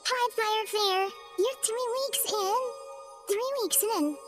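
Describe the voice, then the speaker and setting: A woman's voice: extremely high pitch, slow, faint music behind. A woman streamer chatting playfully through a chipmunk voice changer. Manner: playful, giggly. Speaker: game streamer. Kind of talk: casual live-stream chat.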